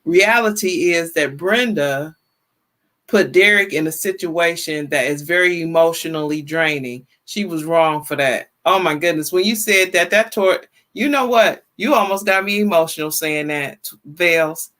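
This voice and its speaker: A woman in her fifties hosting a casual livestream, chatty and lively, greeting viewers by name and often repeating herself in colloquial phrasing. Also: lowish voice, moderate pace. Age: 50s. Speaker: livestream talk show host. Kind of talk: casual livestream chat, reading viewer comments.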